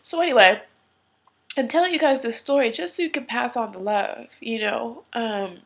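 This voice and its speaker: A woman's voice: fairly high pitch, normal speed, vocal fry, fairly bright tone, slightly rough. A woman vlogger earnestly telling a personal story, tearful at times, in a casual, heartfelt way. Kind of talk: emotional personal story to camera.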